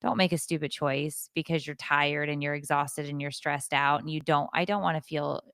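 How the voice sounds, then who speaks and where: A podcast co-host with a smooth, low voice tells a story in casual chat at a moderate pace. She's an animated storyteller who acts out the quoted voices, and the recording is dry and studio quality.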